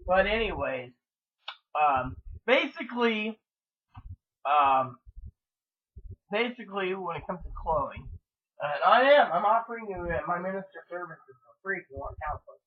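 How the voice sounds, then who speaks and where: A man's voice: high voice, lively intonation, normal speed, pauses often. A man who works as a minister, chatting casually and rambling between topics in a vlog. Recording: distant tinny phone-like sound.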